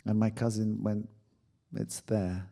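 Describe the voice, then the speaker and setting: A middle-aged man with a French accent tells a personal anecdote, his voice sitting a little low. He acts out what people said and lets his delivery swell as the story builds. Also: slow. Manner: animated anecdote telling with acted-out quotes. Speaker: guest. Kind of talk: conversational storytelling.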